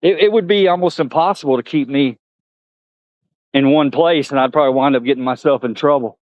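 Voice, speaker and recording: A man's voice: medium pitch, brisk, dry recording, lo-fi sound. A man vlogging outdoors at a zoo, chatting to viewers and talking to the animals. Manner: chatty, laughs often, talks to animals. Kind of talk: casual chat to viewers.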